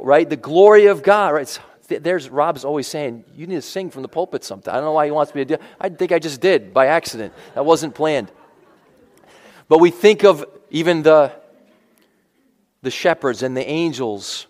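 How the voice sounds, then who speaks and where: Male pastor, conversational sermon delivery, fairly high voice, long church-hall reverb. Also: normal speed. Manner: conversational preaching with asides and restarts.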